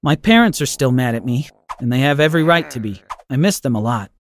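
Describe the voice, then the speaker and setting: Expressive male story narrator. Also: medium pitch, fast.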